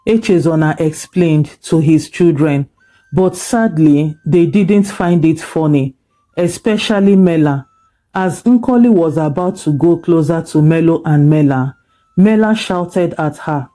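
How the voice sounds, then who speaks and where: Slow, dark-voiced storyteller. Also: mid-range voice. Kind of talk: scripted folk-tale narration.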